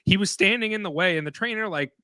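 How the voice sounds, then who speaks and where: A man co-hosting a casual sports podcast, animated and blunt, swearing and laughing at his own slips. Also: high voice, fast, smooth, no echo. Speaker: podcast co-host.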